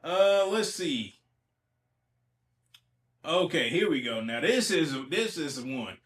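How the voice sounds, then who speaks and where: Slow and pausing often, this Ohio podcast host's mid-range voice is nonetheless very animated and a bit bright, recorded with a roomy sound. A little sick, he chats loosely on his solo show, talking back to news headlines and repeating himself in colloquial fashion.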